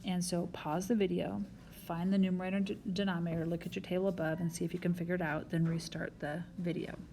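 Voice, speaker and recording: A woman's voice: fairly low pitch, flat delivery, fast, creaky, warm tone, a little hiss or hum. A woman math teacher recording a whiteboard lesson, explaining each step patiently and talking straight to her students.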